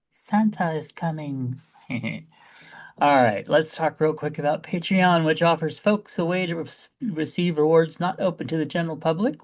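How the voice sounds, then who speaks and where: A man hosting a casual podcast, chatty and playfully campy as he runs through the show. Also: fairly high pitch. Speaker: podcast host.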